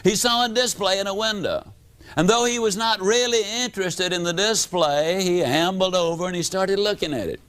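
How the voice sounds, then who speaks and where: A man, giving a motivational seminar talk as a storyteller, animated, with dramatic swings in pitch and loudness. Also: moderate pace, clean tone. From United States. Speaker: motivational speaker.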